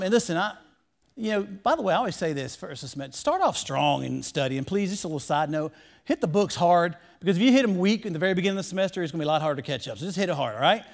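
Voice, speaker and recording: A young male pastor with a high-pitched voice gives an energetic sermon. He reads a passage and then breaks into casual, punchy exhortation, calling on his listeners to repeat after him. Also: very fast, gravelly. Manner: casual preacher talk with restarts. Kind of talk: sermon with scripture reading.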